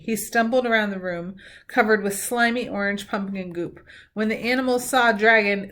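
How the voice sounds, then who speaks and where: Bright animated woman reading a story. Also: mid-range voice, normal speed. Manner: animated, chatty asides to children. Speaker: school staff member reading to students. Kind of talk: read-aloud storytelling.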